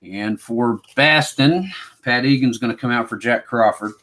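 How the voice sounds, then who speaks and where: A man running a solo tabletop hockey game, calling each play like a sportscaster in a relaxed, self-mocking way. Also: mid-range voice, measured pace. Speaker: board game player and host.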